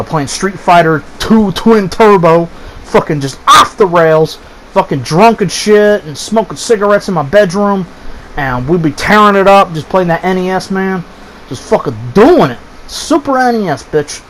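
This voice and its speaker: A man in his thirties with a high voice tells a story casually and animatedly, swearing freely and imitating his friends' voices. The recording is rough, with slight background noise.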